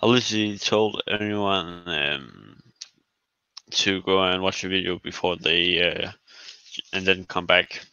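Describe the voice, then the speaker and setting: A man's voice: deep voice, fairly even intonation, measured pace, bright, forceful tone, clean tone, muffled recording. A man hosting a casual live stream, talking in a laid-back way that leans on "literally" and long fillers.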